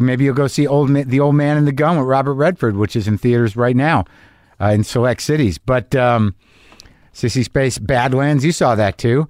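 Rambling, swearing and poking fun at himself, a middle-aged podcast host talks in a casual monologue with a slight lisp. His mid-range voice sounds a little mellow, captured in a dry, clean studio recording.

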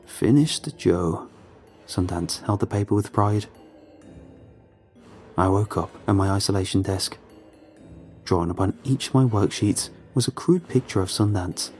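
A man narrating a first-person horror story in a calm, measured, low-key way. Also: faint music behind.

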